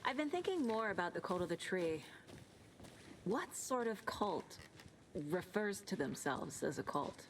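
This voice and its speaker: An actress playing a measured, inquisitive female federal detective in a video game. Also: mid-range voice, sing-song. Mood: questioning. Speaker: FBI detective. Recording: game audio with ambient noise.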